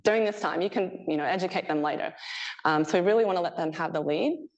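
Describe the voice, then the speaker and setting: A woman presents her research to a room of listeners, her voice sitting a little on the low side. She talks in a loose, conversational way and laughs easily between points. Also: quick pace, dull audio. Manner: chatty and animated, laughing often, acting out quotes. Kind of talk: conference presentation. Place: presentation room with a live audience.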